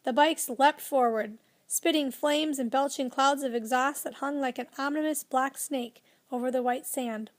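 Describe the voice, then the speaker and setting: A woman narrating a children's storybook with a lively, expressive reading. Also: sits high, normal speed, few pauses. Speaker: audiobook narrator.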